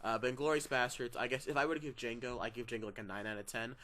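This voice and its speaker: Bright-voiced man chatting about movies. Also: medium pitch, steady tone, very fast. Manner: laughs often, drifts into quoting film lines. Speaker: podcast co-host. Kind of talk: casual movie chat.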